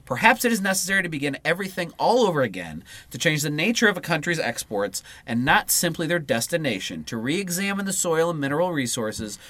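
A man's voice: a little high, big pitch swings, a little fast, few pauses, bright, forceful tone, dry recording. A man co-hosting a podcast, reading a political text aloud and breaking off into profane, casual asides. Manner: swears freely and breaks into asides mid-reading. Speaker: podcast co-host.

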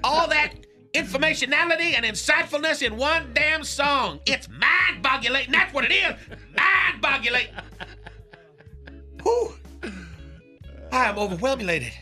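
A man putting on a boastful, crude hype-man character whose high, swooping voice cracks into laughs as he coins silly long words. His tone is sharp and bright, with music running under him. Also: very animated, normal speed, long pauses, heavily acted. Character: jive-talking male radio character, boastful and crude. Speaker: comedy bit character on a morning radio show. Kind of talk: comedy radio bit.

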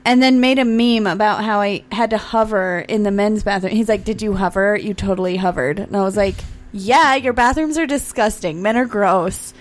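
A woman's voice: mid-range voice, moderate pace, few pauses, faint music behind. A woman co-hosting a podcast, telling playful stories in casual chat. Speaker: podcast co-host, open mic host.

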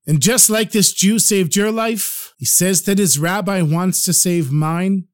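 A man's voice: high-pitched, measured pace. A man voicing a proud French nobleman who reacts with disbelief. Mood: incredulous.

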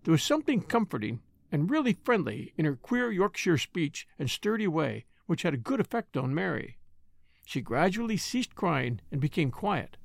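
A woman narrating a classic children's novel aloud in a measured, expressive storytelling manner. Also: on the low side, creaky, no room sound. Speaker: audiobook narrator. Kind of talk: scripted narration.

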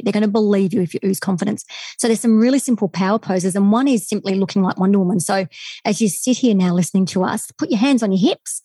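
Fast-talking woman, dark husky tone. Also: medium pitch, no echo. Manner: fast, enthusiastic, animated storyteller. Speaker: guest body language expert. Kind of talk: storytelling podcast interview.

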